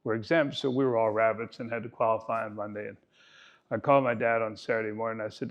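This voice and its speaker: A man's voice: lowish voice, fairly even intonation, fast talker, highs cut off. A man in his eighties giving a keynote talk as a golf coach, telling stories with folksy, self-mocking humor. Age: 80s.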